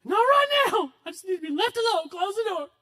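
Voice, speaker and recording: A man's voice: extremely high pitch, big pitch swings, brisk, pushed and bright, voice pushed up, full character voice. A man voicing his little daughter as a sulky, crying girl who wants to be left alone.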